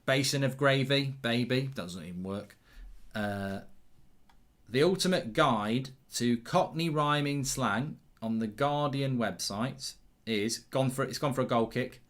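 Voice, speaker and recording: A man's voice: mid-range voice, measured pace. A middle-aged man hosting a live football watchalong, chatting loosely, reacting to the match as it happens and reading out viewer comments.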